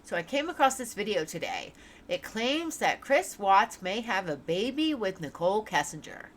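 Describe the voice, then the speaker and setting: A woman's voice: mid-range voice, very animated, moderate pace, a little hiss or hum. A woman hosting a true crime reaction channel, chatting casually to her viewers, her level rising and dropping as she goes. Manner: chatty, swings between loud and soft.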